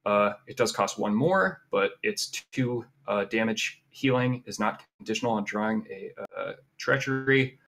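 A man's voice: fairly low pitch, normal speed, hardly any pauses, a bit bright. A man co-hosting a podcast, reviewing game cards in casual chat, blunt and opinionated, with frequent hesitations. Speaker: podcast co-host.

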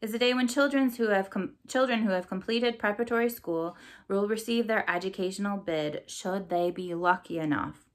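A woman's voice: mid-range voice, normal speed, close to an everyday voice. A pompous young crow girl from a storybook, lecturing with haughty self-importance, as a woman reading aloud puts her on. She sounds pleased with her own knowledge.

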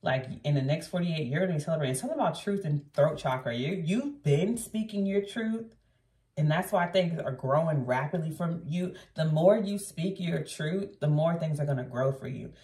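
A woman's voice: deep voice, lively intonation, normal speed, mellow, far from the mic. A woman giving a casual tarot reading, talking blunt and chatty to her viewers and swearing freely. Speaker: tarot reader. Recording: roomy echo, voice off-mic.

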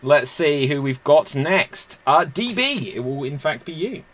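A man's voice: on the high side, background noise. A man hosting a live online improv comedy show, joking and laughing at himself. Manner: lively, jokey, quick to laugh at himself.

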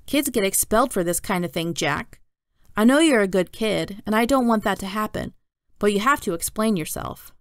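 A woman voicing a calm male school principal who speaks in a measured, patient, serious way, reading a storybook aloud. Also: medium pitch, no echo, clean studio sound, natural voice.

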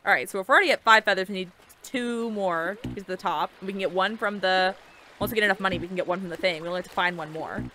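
Excitable bright young woman gaming. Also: mid-range voice, fast talker, a little hiss or hum. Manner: excitable, chatty, casual swearing. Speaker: gaming video creator. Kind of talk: casual let's-play commentary.

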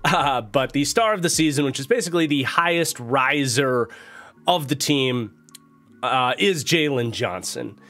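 A man's voice: medium pitch, lively intonation, measured pace, bright, forceful tone, soft background music. A man with a nasal, congested voice from a cold, hosting his own channel and giving casual football commentary. He talks in a chatty way, thinking aloud with fillers and restarts. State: recovering from a cold. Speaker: football analyst and channel host.

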